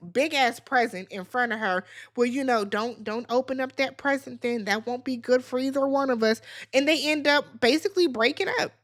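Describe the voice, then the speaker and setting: A woman's voice: sits high, a bit bright. A woman giving a blunt, sassy recap of a reality show, acting out the cast's lines in casual chat. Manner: sassy, blunt commentary with acted-out quotes. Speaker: recap host.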